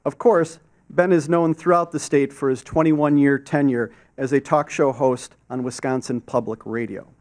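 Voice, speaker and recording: A man's voice: mid-range voice, steady tone, moderate pace, darkish tone. A man introducing a guest speaker at a club meeting and reading the announcements plainly. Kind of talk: formal introduction. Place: meeting hall with an audience. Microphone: podium microphone.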